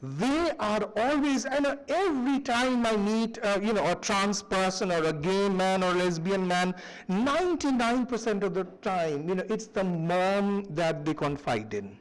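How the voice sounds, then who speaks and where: A middle-aged man, giving a university lecture in an animated, anecdotal storytelling manner. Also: high-pitched, a little slow, poor audio. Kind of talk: public lecture. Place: lecture hall.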